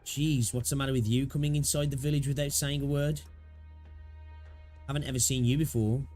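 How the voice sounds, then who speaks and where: A man's voice: medium pitch, flat delivery, fairly quick, a little mellow, soft background music, close to an everyday voice. A man voicing a defensive, shifty male village farmer who blusters and makes excuses. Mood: suspicious.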